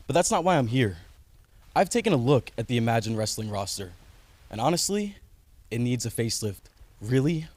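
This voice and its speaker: A man's voice: medium pitch, a little mellow, dry recording. A man cutting an in-character wrestling promo as a wrestler, cocky, vain and taunting.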